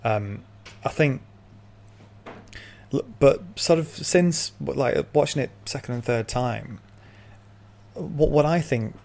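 A man's voice: medium pitch, animated, slow, vocal fry, long pauses, a little mellow. A man in casual discussion, earnestly laying out his view at length.

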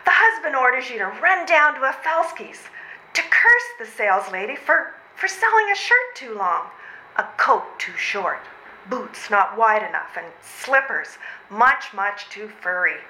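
A woman's voice: fairly high pitch, very animated, unhurried, sharp tone, a little hiss or hum, exaggerated voice. A woman plays a worn-out, frantic mother and civil servant in a live stage comedy reading, overwrought, sighing and out of breath. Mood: aggrieved complaining. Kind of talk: readers' theatre stage comedy. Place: old train station before a live audience. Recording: roomy hall sound.

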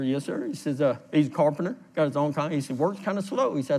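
Male pastor, sermon, lively storyteller with a slightly high voice, reads and explains scripture. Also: normal speed. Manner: storytelling, animated, laughs at his own story.

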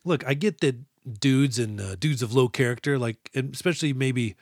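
A man's voice: medium pitch, moderate pace, gravelly, dry recording, studio quality. A man co-hosting a casual movie podcast, joking and acting out lines from films. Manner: jokey, acts out movie lines in quoted voices. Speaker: podcast co-host.

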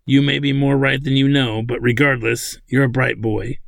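A man voicing a brilliant older male inventor with dry humor, speaking in a measured, fatherly way. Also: mid-range voice, little pitch movement, gravelly, no room sound, lightly acted.

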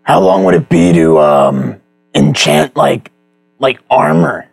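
A man's voice: on the high side, very animated, slow pace, gravelly, a little mellow, slightly rough. A young man playing a tabletop game, hesitant and full of fillers as he asks questions. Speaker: player. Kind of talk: casual tabletop play.

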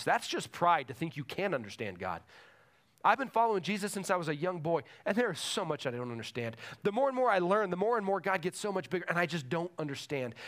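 A man's voice: fairly high pitch, fairly bright tone. A man preaching a sermon to a congregation in a church, emphatic and repeating his key phrases. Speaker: pastor.

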